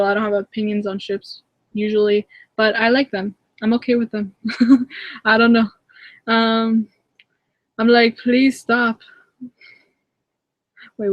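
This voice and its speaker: A giggly young woman chats casually into her webcam at home, her voice sitting a little high. She speaks with many fillers and quick restarts, and the sound is close and dry with no room echo. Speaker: channel host answering viewer comments. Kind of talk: casual live hangout chat. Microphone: webcam in a live video hangout.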